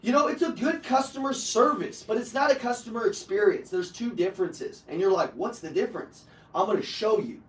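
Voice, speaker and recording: A man coaching salespeople live, with a high voice and a brash, profane delivery that climbs into shouting. He sounds set back from the microphone, and his voice rings in a reverberant room. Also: a little fast, few pauses, far from the mic. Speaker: sales trainer. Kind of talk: live motivational sales training. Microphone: online video call.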